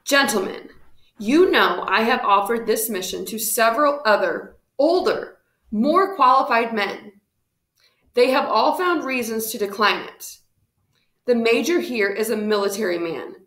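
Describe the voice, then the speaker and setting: A woman reading aloud, voicing a shrewd male royal governor who speaks formally and briskly, in an echoey room. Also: a little high, a bit bright.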